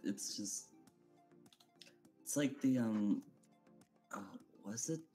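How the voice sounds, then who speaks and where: A man chatting casually on a stream, making slow, laid-back remarks. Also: fairly low pitch, mellow, soft background music. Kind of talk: casual chat.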